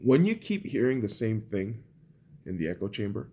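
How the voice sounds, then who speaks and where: A young male podcast host tears into a heated, profane rant. His voice jumps wildly in pitch, flaring into shouts and then sinking to low mutters. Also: very animated, moderate pace, breathy edge. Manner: profane, angry ranting with swings from shouting to muttering. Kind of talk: political rant.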